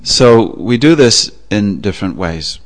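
A man preaching a sermon, telling a story with a relaxed, anecdotal manner and frequent pauses. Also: fairly low pitch. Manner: anecdotal, with fillers. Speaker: religious preacher.

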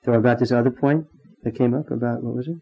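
A man teaching a devotional class in a halting way, pausing often and clearing his throat. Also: mid-range voice, fairly even intonation, muffled recording, slight background noise. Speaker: spiritual teacher.

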